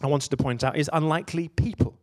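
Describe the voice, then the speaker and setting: A man's voice: a little high, fast talker, darkish tone. A man giving a conversational sermon, telling stories and asking his listeners rhetorical questions. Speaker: preacher.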